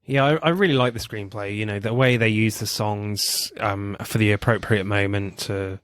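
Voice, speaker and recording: A man's voice: on the low side, fairly even intonation, moderate pace, a bit bright, clear, resonant tone, no room sound, studio quality. A man co-hosting a podcast, reviewing films in casual chat, laughing often and swearing freely. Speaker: podcast co-host.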